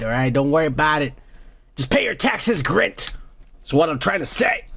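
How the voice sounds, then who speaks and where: Guy with a high gravelly voice on a comedy podcast, crude mocking rant, drinking and toasting. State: drinking while talking. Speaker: podcast host. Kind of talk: profane comedic news rant.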